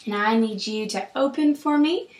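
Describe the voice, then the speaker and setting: A woman clinician calmly guiding a patient through an oral exam, with steady, encouraging instructions. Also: fairly high pitch, moderate pace. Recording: roomy echo.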